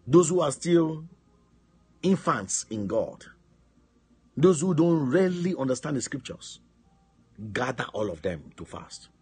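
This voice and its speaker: A man's voice: a little high, very animated, slow, pauses often, a little mellow, husky. A man pastor preaching a sermon, emphatic, asking his listeners call-and-response questions. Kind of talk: sermon on a prayer line. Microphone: phone line.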